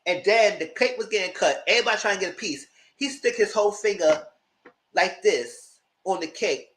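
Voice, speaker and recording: A man's voice: sits high, lively intonation, moderate pace, fairly bright tone. A man giving a casual live review of a reality TV show, retelling scenes with exasperation and cursing.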